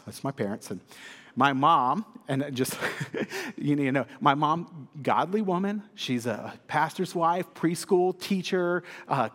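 A male pastor giving a sermon in a church, telling stories with lively humor. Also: on the high side, measured pace. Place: church sanctuary. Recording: long hall reverb.

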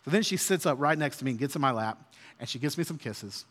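A man's voice: medium pitch, expressive, fast talker, fairly bright tone. A man in his thirties preaching an earnest, conversational sermon as a pastor. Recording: long hall reverb.

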